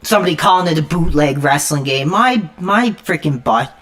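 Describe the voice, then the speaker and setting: A woman's voice: low voice, lively intonation, moderate pace, fairly bright tone. A woman live streamer in an angry, profane rant while gaming, stammering and cursing constantly. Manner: repeats "frickin'" constantly.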